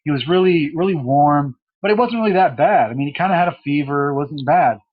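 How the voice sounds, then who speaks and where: A young man telling a painful personal story, halting and emotional, with many restarts and his voice catching. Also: on the high side. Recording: dull lo-fi audio.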